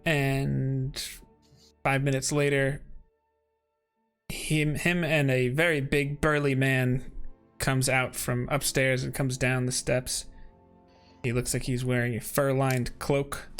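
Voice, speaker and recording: A man's voice: medium pitch, flat delivery, slow pace, a bit bright, smooth, soft background music. A man narrating as game master in a casual, rambling way, often laughing.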